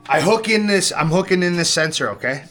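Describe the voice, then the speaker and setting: A man's voice: high-pitched, animated, fairly quick, fairly bright tone, faint music behind. A man telling a story in a casual, rambling way, swearing often and checking in with the listener, sheepish and rueful. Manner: rambling, swears often, keeps asking "right?".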